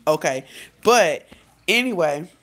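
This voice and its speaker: A woman life coach talking straight to her viewers in a casual vlog, chatty and animated, often saying "literally" and "y'all". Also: on the low side, takes it slowly. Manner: frequent "literally" and self-corrections.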